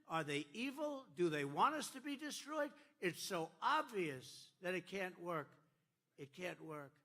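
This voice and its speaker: A man giving a campaign rally speech, repetitive and emphatic, swinging between loud declarations and quiet asides. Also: high-pitched. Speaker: political candidate.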